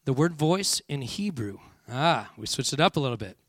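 A man's voice: mid-range voice, expressive, moderate pace, a bit bright, no echo, studio quality. A man preaching a sermon to a congregation, with frequent call-and-response and "all right" checks. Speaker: pastor.

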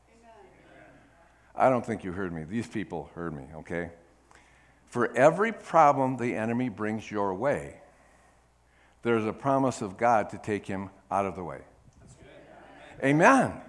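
A middle-aged man preaching a sermon with emphasis, moving between loud declarations and quiet asides and calling on the congregation to answer. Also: on the low side, sing-song, measured pace, pauses often. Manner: calls for congregation response. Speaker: pastor.

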